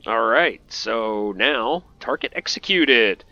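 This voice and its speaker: A man's voice: mid-range voice, animated, slow pace, pushed and bright, no room sound, lo-fi sound. A man giving casual, playful commentary while playing a video game, chatty and jokey. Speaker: gameplay commentator.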